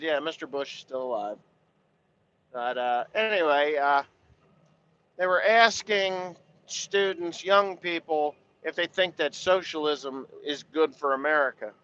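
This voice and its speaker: Farmer, male, fairly high bright voice, blunt rambling rant, lo-fi dull sound. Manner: blunt and profane, full of "you know" fillers. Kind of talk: casual rambling monologue.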